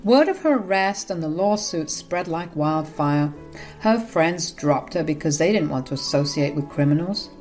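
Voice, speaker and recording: A woman narrating a first-person story in an even, matter-of-fact way with sarcastic jabs. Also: deep voice, moderate pace, soft background music.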